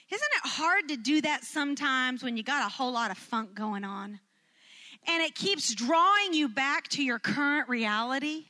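An animated woman telling a personal story to a live audience. Her voice sits high and bright, and it leaps even higher when she acts out quotes. She laughs her way through the funny parts. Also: moderate pace. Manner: animated, acts out quotes with big jumps in pitch.

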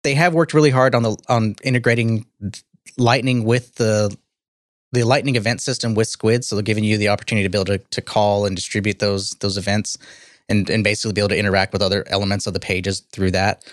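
Male co-host, quick and rambling, casual software talk, dry close recording. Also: on the low side, fairly even intonation, no echo. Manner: fast, rambling, self-interrupting. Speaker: podcast co-host. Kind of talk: casual tech chat.

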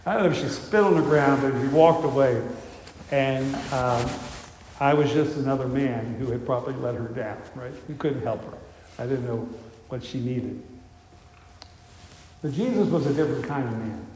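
This sermon comes from a man of medium pitch speaking at a moderate pace, telling stories conversationally and often using fillers or starting over. The church setting gives it an echoey, roomy sound with faint ambience and slight hiss or hum.

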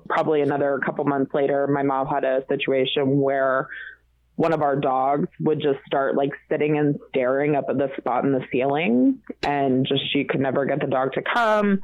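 A woman's voice: deep voice, dry recording. Woman guest, chatty storyteller, laughs easily; tinny, dry phone-like sound. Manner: lively, laughs often, fillers like "like" and "um". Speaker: guest telling ghost stories. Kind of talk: casual storytelling.

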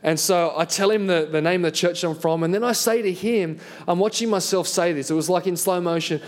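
A man preaching a sermon as pastor, earnest and animated, telling a self-deprecating story. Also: high voice, fairly quick, hardly any pauses, slight background noise.

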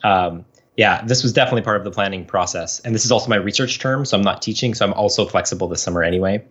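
A man's voice: on the low side, quick pace, a bit bright, husky, dull audio. A man in his thirties, a professor and researcher, explaining his work in a casual interview, chatty, with many fillers.

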